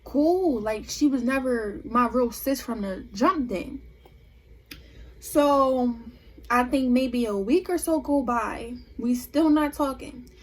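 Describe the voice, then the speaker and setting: High, husky young woman telling a story. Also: slow pace. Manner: animated, emphatic storytelling. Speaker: vlogger. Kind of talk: storytime vlog.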